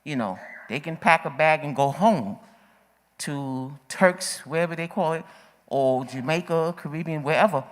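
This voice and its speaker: A woman with a low voice takes the open mic at a community forum. She is a little out of breath, and her remarks are emphatic and repetitive, pressing hard on the urgency. The long echo of a meeting hall surrounds her. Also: moderate pace. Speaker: audience member speaking at a forum. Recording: echoey hall.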